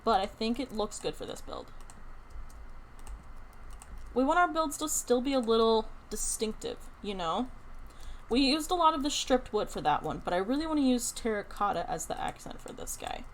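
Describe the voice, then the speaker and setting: A young woman streamer chats excitedly as she builds in a game, thinking out loud to her viewers. Her voice sits a little high, and faint keyboard typing and room noise run underneath. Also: normal speed. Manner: chatty, excitable, thinks aloud. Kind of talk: casual live-stream chat while playing a building game.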